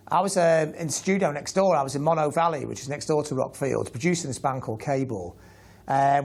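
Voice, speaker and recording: A man telling a lively anecdote in an interview, animated and quick. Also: medium pitch, creaky, breathy edge. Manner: animated, acts out quoted voices. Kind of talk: lively storytelling.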